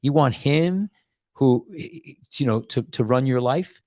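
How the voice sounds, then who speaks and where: A man's voice: medium pitch, slow pace, dry recording, clean studio sound. A man hosting a casual podcast as a doctor, rambling and restarting his words as he talks. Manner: tells stories with animated quoted voices.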